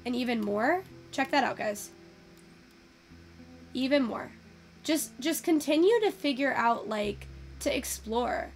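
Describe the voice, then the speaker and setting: A young woman giving casual, excitable commentary while taking in-game photos, swearing freely and gushing over what she sees. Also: on the high side, unhurried, pauses often, soft background music. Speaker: virtual photography creator.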